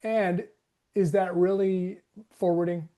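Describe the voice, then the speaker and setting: A man's voice: high voice, little pitch movement, slow pace, dark tone. A man talking in a casual group discussion, rambling and acting out his own inner dialogue. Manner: rambling, self-questioning, acts out inner dialogue. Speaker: webinar participant.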